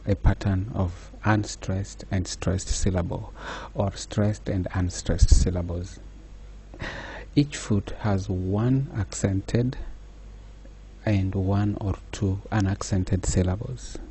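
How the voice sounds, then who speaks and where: A man giving a slow, measured lecture, pausing often with fillers. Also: low-pitched, warm tone, slight background noise. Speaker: teacher. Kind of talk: recorded lecture.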